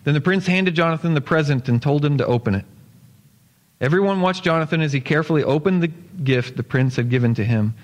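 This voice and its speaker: A male pastor reading a story aloud in a sermon, with steady storytelling that slows for emphasis. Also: a little high. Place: church sanctuary. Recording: long church hall reverb.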